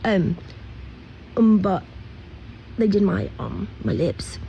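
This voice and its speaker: A woman with a put-on British accent, rambling haltingly in a played-back social media clip, full of ums and likes. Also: medium pitch, warm tone, highs cut off. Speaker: celebrity in a played video clip. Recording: played-back clip with clear background noise.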